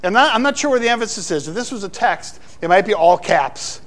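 Male pastor, middle-aged, high-pitched voice, preaching with animated, playful asides. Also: brisk. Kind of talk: sermon.

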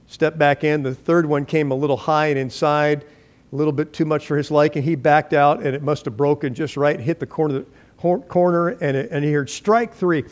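A man's voice: on the high side, flat delivery, brisk. A pastor preaching a sermon, telling stories dramatically and acting out the voices of the people he quotes. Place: church.

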